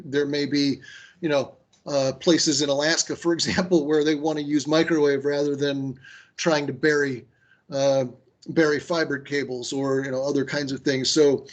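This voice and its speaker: A man's voice: a little high, little pitch movement, normal speed. A man leading an online training session on a video call, speaking conversationally with many fillers and restarts and giving firm recommendations. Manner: gives firm advice.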